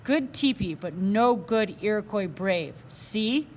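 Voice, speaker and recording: A woman's voice: mid-range voice, expressive, slow pace, a little mellow, slight background noise. A woman doing Little Bear, a stern clipped warrior. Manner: clipped broken speech, commanding. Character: tiny stern warrior toy come alive, grown man.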